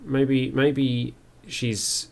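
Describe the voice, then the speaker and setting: A man's voice: mid-range voice, flat delivery, very slow, creaky. A man giving first-play game commentary, musing aloud and reading on-screen text as he goes. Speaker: game streamer.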